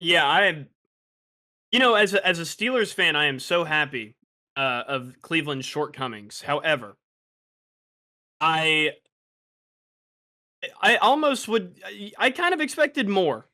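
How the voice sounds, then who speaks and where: A man's voice: a little high, expressive, unhurried, pauses often, sharp tone. A young man co-hosting a casual sports podcast, stammering and restarting his sentences, full of fillers. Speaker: podcast co-host.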